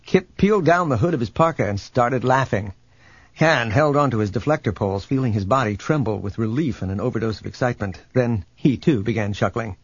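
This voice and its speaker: A man reading a novel aloud as a narrator, in steady, measured storytelling. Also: fairly low pitch, husky, dry recording. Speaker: audiobook narrator. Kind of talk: scripted narration. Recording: dull, slightly lo-fi.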